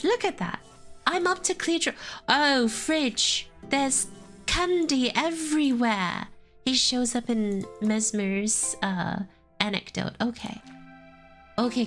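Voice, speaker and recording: A woman's voice: medium pitch, animated, slow pace, fairly bright tone, soft background music. A woman streaming a game live, chatting casually, laughing often and reading dialogue aloud in playful voices. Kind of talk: live gameplay commentary.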